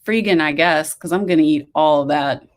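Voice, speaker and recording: A woman's voice: low-pitched, moderate pace, close to an everyday voice. A woman voicing a wry young nonbinary evacuee who teases with dry wisecracks, performed in a spoken-word story reading. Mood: wry teasing.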